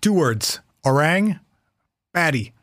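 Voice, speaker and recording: A man's voice: on the high side, sing-song, takes it slowly, fairly bright tone, dry recording, studio quality. A man hosting a podcast in casual comedic chat, teasing his co-host with a wry, profane humor. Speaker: podcast host presenting cryptids.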